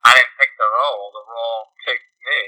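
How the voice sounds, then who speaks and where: A man from New York rambles through a story in relaxed conversation, often losing his thread and poking fun at himself. His voice is hard and forceful, pitched in the middle. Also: a little fast, rough recording. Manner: rambling, self-deprecating, loses his thread. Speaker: podcast co-host. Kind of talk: casual storytelling chat.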